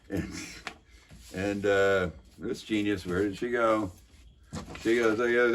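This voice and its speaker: A man's voice: lowish voice, steady tone, measured pace. A man casually recapping a local council meeting in a sarcastic, rambling way, full of fillers and restarts.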